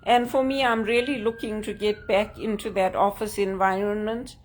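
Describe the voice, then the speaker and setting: A woman's voice: medium pitch, fairly even intonation, normal speed, slight background noise. A woman speaking casually to camera in an earnest way, thinking aloud with fillers as she goes. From Canada. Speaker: job seeker vlogger.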